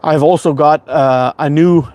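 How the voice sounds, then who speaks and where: A man's voice: a little high, steady tone, a little slow, a little mellow. A middle-aged man from Canada rambling through a casual livestream chat, swearing freely and laughing often. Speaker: slingshot livestream host.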